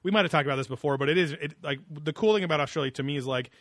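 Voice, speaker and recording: A man's voice: a little high, racing, a bit bright, dry recording, clean studio sound. A man co-hosting a podcast in casual chat, rambling through a story, swearing casually and laughing often. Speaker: podcast co-host.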